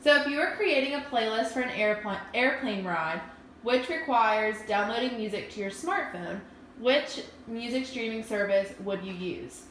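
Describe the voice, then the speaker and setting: A woman's voice: fairly high pitch, expressive, normal speed, a bit bright. Young woman, focus group moderator, rephrases answers, roomy room, faint background hiss. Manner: asks questions, rephrases answers back. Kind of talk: casual moderated discussion. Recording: roomy classroom recording.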